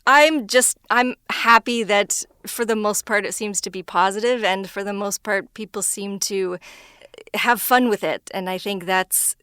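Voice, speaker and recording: A woman voice actor talks casually in an interview, easily laughing between thoughts. Her voice is smooth and clear, and it sits in the middle of the range for a woman. The recording is dry and close. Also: a little slow, sharp tone, no echo. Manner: self-described higher-pitched voice. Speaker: voice actor guest.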